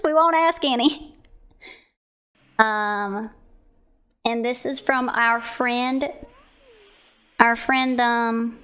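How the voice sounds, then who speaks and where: A woman's voice: high voice, fairly bright tone. A young woman streamer chatting casually about viewer art, rambling with giggles and self-corrections. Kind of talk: casual chat.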